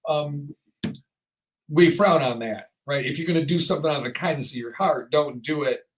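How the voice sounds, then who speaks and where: A man hosting a casual podcast chat, rambling and animated, often acting out the voices of people he quotes. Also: on the high side, moderate pace, rough recording. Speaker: podcast host.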